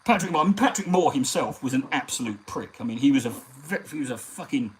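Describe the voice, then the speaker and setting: A man hosting a live stream, talking in a rambling, sweary, animated way. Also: mid-range voice, fast talker, low-quality recording. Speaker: comedian and live-stream host. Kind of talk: casual live-stream chat.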